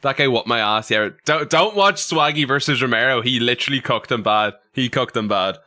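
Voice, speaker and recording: A man's voice: mid-range voice, fairly quick, pushed and bright. A young Irish man chatting on his livestream, reading out chat messages and rambling through funny stories. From Ireland. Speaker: streamer.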